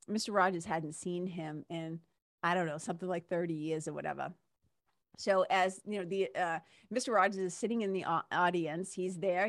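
A woman in her fifties with a fairly low voice hosts a show, delivering a casual, heartfelt monologue. She tells a story emotionally and often asks "right?" The recording is dry and studio quality.

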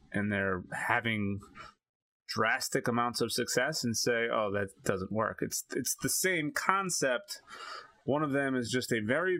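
A man from Maine co-hosting a podcast, talking in an opinionated, animated way with many restarts. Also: mid-range voice, no room sound. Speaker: podcast co-host. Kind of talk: casual chat.

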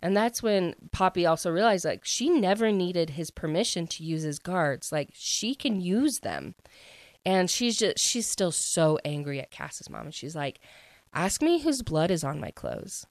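A woman telling a story in a relaxed, chatty way, with "like" and "um" scattered through her sentences. Her voice sits a little low. The sound is dry and close, with no room echo. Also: a little slow. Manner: chatty, filler-heavy with frequent "like" and "um". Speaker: book recap vlogger. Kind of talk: casual plot retelling.

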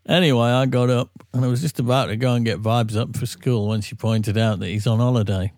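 Gravelly tired man chatting. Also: medium pitch, fairly even intonation, a little fast, a little mellow, no room sound, studio quality. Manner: rambling, self-deprecating storyteller. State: tired from a sleepless night. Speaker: singer, regular guest. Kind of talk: casual podcast chat.

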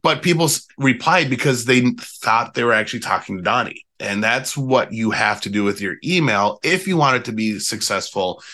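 A man guest on a podcast interview, chatty and animated, using casual fillers as he explains email marketing. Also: mid-range voice, moderate pace, hardly any pauses.

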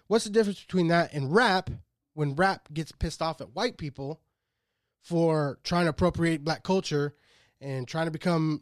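Cursing, argumentative higher-voiced man. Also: no room sound, clean studio sound. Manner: profane, argumentative, playing devil's advocate. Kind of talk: casual chat.

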